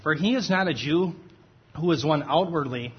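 A man delivers a conversational expository sermon in a fairly high, husky voice. He keeps checking in with his listeners and pauses to correct his own slips. The recording sounds dull and muffled. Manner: conversational, checks in with "okay?", self-correcting, laughs at himself. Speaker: pastor.

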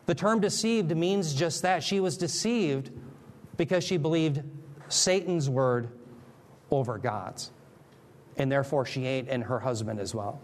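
Man teaching a conversational sermon. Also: on the high side. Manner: conversational, jokey asides, checks in with "Okay?". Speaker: Bible teacher.

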